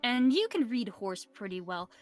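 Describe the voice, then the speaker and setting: A woman's voice: fairly high pitch, big pitch swings, moderate pace, faint music behind. A woman narrating as game master in a casual tabletop game, chatty and full of fillers.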